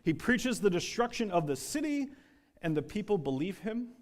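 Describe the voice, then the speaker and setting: A man's voice: high-pitched, sing-song, normal speed. A man preaching a sermon, telling a story with acted-out quotes and some repeated words. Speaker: pastor. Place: church sanctuary. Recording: long reverb of a church hall.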